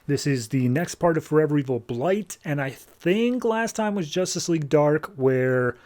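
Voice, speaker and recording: A man's voice: a little high, lively intonation, moderate pace, a little mellow. A young man hosting a podcast, who gives a casual review and plot recap of a comic book. He talks in a loose, filler-heavy way. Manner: chatty, filler-heavy, acts out quotes in a loose paraphrase.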